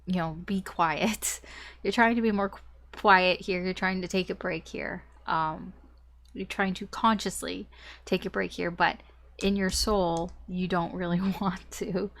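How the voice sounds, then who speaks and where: A woman's voice: on the low side, steady tone, measured pace, vocal fry, fairly bright tone. A woman giving a casual tarot reading to her viewers, chatty and full of fillers and restarts. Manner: chatty, frequent fillers and restarts, light laughs. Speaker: tarot reader.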